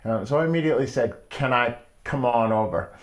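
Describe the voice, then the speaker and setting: A middle-aged man hosting his own show, telling a story in a wry, casual monologue with frequent pauses. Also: medium pitch. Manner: wry, storytelling, pausing often. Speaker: host.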